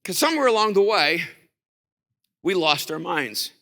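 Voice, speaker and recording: A male pastor delivering a conference sermon, telling a story and swinging from quiet to shouting. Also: high voice, sing-song, normal speed. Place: large conference hall. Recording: reverberant large hall.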